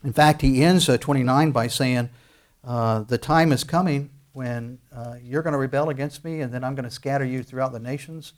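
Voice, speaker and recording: A man's voice: medium pitch, moderate pace. Conversational man preaching a sermon. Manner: conversational, with bursts of emphasis and many restarts. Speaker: pastor.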